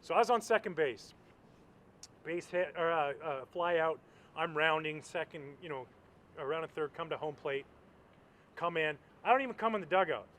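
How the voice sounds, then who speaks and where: A man, a former baseball pitcher, telling lively stories as a guest and acting out the voices of others, outdoors at a stadium. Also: moderate pace, slight background noise. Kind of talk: animated storytelling.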